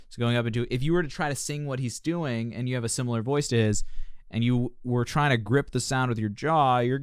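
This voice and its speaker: With a clear, resonant mid-range voice, a man working as a vocal coach gives passionate, joking commentary while reacting on a live stream. His teaching is animated, and the recording is clean studio sound without echo.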